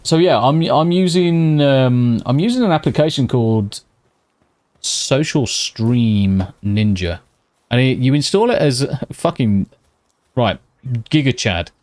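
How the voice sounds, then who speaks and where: British male streamer, casual and sweary, hushed late-night chat, mid-pitched, dry close sound. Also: measured pace, no echo. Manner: excitable, swears constantly; talking slightly quietly. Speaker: live streamer. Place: at home at night.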